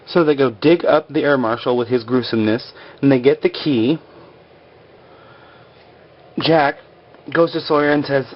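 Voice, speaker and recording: A man's voice: medium pitch, a little slow, long pauses, lo-fi sound. A man casually recapping a TV episode over stick-figure drawings, chatty and rambling with lots of "like". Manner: chatty, rambling, full of "like" and acted quotes.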